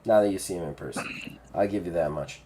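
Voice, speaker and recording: A man's voice: low voice, brisk, background noise. A man running a tabletop game as game master, talking casually and rambling, with lots of fillers.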